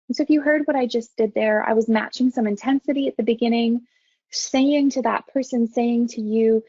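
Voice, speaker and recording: A woman teaching an online training webinar as a counseling faculty member, speaking in a calm, measured, gentle way. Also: fairly high pitch, creaky, no room sound, lo-fi sound.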